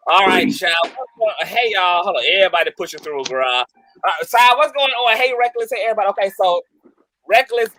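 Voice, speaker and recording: A man's voice: high-pitched, normal speed, bright, forceful tone, no echo. A man hosting a livestream, talking in a dramatic, exclaiming way with lots of slang. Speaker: livestream host. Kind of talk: animated gossip livestream.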